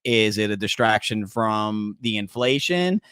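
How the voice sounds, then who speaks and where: A man's voice: lowish voice, expressive, unhurried, a bit bright, smooth, no room sound, studio quality. A man hosting a casual livestream show, talking in a laid-back way and calling his chat "y'all". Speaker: host.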